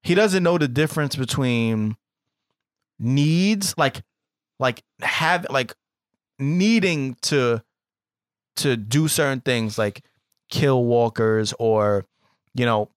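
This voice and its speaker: A man chats loosely about a TV episode, in a relaxed and slangy way, doubling back on his words. His voice is smooth and resonant, and it sits mid-pitched for a man. The sound is dry and close. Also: takes it slowly, pauses often, no echo. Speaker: podcast co-host. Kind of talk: casual chat about a TV show.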